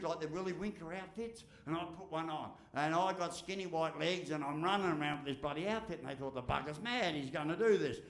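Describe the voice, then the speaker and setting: A middle-aged Australian man with a fairly high voice gives a motivational speech in a folksy, joking way, dropping casual swear words and repeating his lines. The sound is roomy and echoey, as in a large hall. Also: fairly bright tone. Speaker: keynote speaker.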